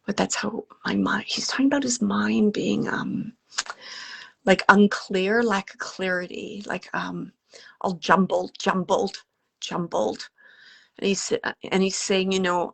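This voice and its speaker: A woman with a gravelly, fry-tinged voice gives live readings as a medium. She talks gently and haltingly, with many pauses, and often sinks into a soft whisper as she relays messages. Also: medium pitch, steady tone. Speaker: psychic medium.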